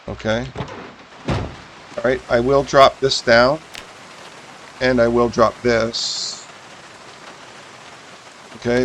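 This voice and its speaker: Sorting items in a survival game he's streaming, a man mutters casual commentary to himself, full of fillers and sentences he abandons partway. His tone is mid-pitched and fairly bright. Faint rain hisses behind him on a rough recording.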